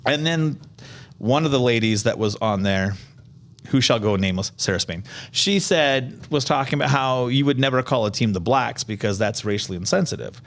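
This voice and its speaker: A man from Iowa hosting a podcast, talking casually in an animated, rambling, opinionated way. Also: mid-range voice, normal speed. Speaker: podcast host. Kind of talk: casual chat.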